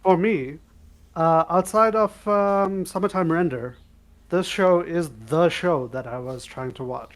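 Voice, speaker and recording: A man's voice: sits high, measured pace. A man co-hosting a podcast, chatting casually and stating his opinions earnestly and emphatically. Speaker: podcast co-host.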